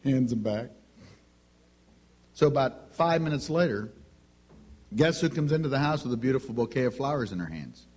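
A man's voice: mid-range voice, animated, fairly quick, a little mellow. A middle-aged man giving a teaching talk on Christian parenting, telling family stories and acting out the dialogue. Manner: storytelling, acts out family dialogue.

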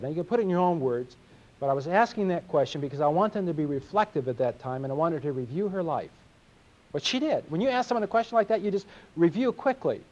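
A man's voice: a little high, darkish tone, highs cut off. A middle-aged man preaching a sermon in an earnest, confessional way, often repeating words as he speaks.

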